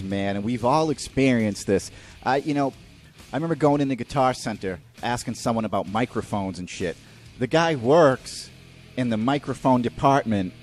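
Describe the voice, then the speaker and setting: Ranting New male host, very expressive pitch, swears freely, mocks with silly voices, light music bed. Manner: profane, animated ranting with mocking put-on quotes. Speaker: podcast host. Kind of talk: ranting comedic monologue.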